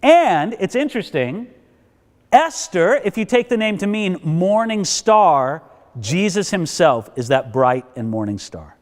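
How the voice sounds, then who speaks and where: A man teaching a Bible college lecture, telling the story in a lively way and acting out the characters. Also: sits high, a little slow. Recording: long hall reverb.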